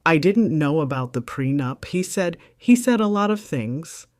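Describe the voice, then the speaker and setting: A woman voicing a young woman who has taken another's husband, in a breathy, lowered, hesitant voice that sounds apologetic. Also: lively intonation, unhurried, a little mellow, no echo, clean studio sound.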